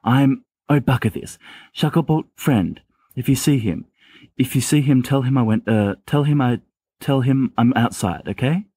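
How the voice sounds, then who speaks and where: A man's voice: mid-range voice, normal speed, mellow, slightly rough, no room sound, voice pushed up, close to an everyday voice. A man voicing a reckless teenage boy who stammers and pleads in a slightly raised voice, in an amateur audiobook reading. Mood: desperate. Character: reckless, excitable teenage boy wizard Sirius.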